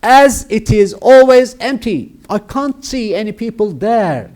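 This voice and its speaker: A man's voice: high-pitched, lively intonation, measured pace, darkish tone. Emphatic Turkish-accented male teacher. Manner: emphatic, repeats words for students. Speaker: English teacher. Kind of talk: grammar lesson.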